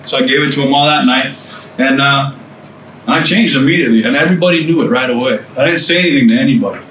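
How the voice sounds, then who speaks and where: A man's voice: medium pitch, fast talker, fairly bright tone. A man sharing his testimony with a small group, preaching in an earnest, conversational way with casual asides. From United States. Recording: roomy, distant mic, faint room noise.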